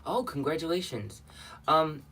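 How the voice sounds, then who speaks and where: A man's voice: on the high side, sing-song, a little slow, sharp tone, husky. A man hosting a casual livestream, chatting and rambling with viewers and greeting them by name, a little out of breath. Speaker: livestream host.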